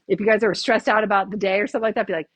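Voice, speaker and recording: A woman's voice: mid-range voice, fairly even intonation, rapid-fire, no echo. A woman chiropractor leading a live stress workshop, chatty and upbeat, counting the group through breathing. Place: small room with a live audience.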